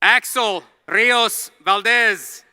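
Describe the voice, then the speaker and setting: Man, ceremony announcer, slow formal name reading, bright crisp voice, long hall reverb over PA. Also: high-pitched. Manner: slow, deliberate, announces each full name. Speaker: commencement announcer. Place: large hall at a graduation ceremony.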